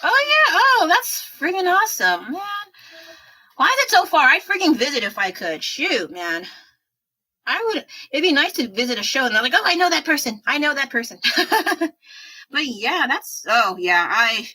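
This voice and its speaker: A woman in her thirties paints during a livestream, chatting casually with viewers in a rambling, self-deprecating way. Her high, sing-song voice is measured and sharp, captured in a low-quality recording.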